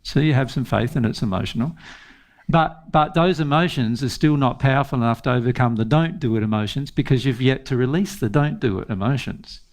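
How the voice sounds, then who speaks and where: A man's voice: medium pitch, fairly quick, a little mellow. A man giving an informal spiritual teaching talk, earnest, repeating phrases and laughing often.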